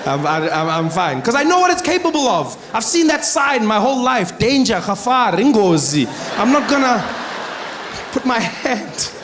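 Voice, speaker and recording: A South African man doing stand-up comedy on stage, animated and acting out voices, swinging from loud to low. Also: moderate pace, background noise. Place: large arena on stage.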